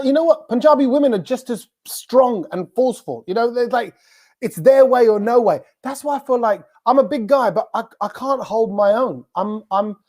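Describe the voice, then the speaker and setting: A man hosting a podcast over a video call, lively and jokey in conversation. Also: high voice. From Britain. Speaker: podcast host. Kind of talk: casual chat.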